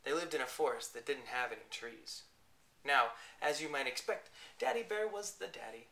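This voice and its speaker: A storyteller reading a silly bedtime story aloud in a playful, animated way. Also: mid-range voice, moderate pace, vocal fry, roomy sound.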